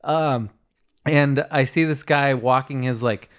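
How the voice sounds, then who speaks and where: A man's voice: medium pitch, slow. Guy telling a story on a podcast, keeps saying like, laughs at himself. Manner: rambling, many likes, self-amused laughs. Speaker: podcast host. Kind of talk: casual storytelling chat.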